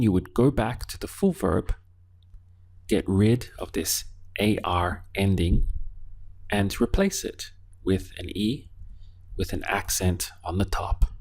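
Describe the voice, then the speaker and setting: Slow, low-voiced male Spanish teacher. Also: darkish tone. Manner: slow, patient prompts leaving pauses to answer. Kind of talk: language lesson.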